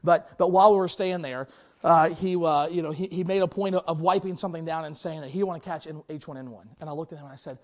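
A male pastor delivering a sermon with a notably high, light voice. He tells stories with lively swings in pitch and loudness and sinks into a low, earnest hush when he presses his point home. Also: fast talker. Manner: animated storytelling with big swings in pitch and loudness; drops to a low, quiet, earnest tone for exhortation.

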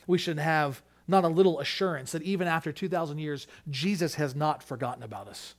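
A man's voice: fairly high pitch, a little fast. A man preaching a sermon, earnest, shifting his emphasis and restarting a few phrases as he goes. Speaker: pastor.

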